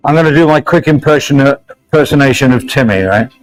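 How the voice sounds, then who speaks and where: A man's voice: mid-range voice, brisk, no room sound, soft background music, low-quality recording. A middle-aged man hosting a casual livestream, reading out chat and joking with viewers by name. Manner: chatty, jokey, addresses viewers by name.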